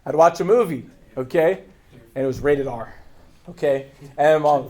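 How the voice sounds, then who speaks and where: A man's voice: a little high, normal speed, long pauses, mellow. A man leading his agency team with a fervent, preacher-like message. He is blunt and confrontational, repeats his points for emphasis, asks rhetorical questions, and breaks into laughter.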